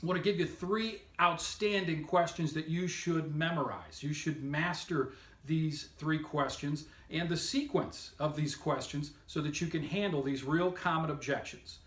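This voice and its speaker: A man's voice: on the high side, unhurried, a bit bright, roomy sound. A man giving an upbeat, emphatic sales training lesson, coaching listeners on method. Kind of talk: instructional talk to camera.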